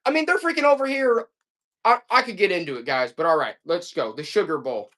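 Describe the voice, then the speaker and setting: Brisk and animated, this live auction seller speaks in a high, somewhat bright voice while hosting a casual selling stream. Folksy rants flare up between items, and he keeps calling his listeners "boy."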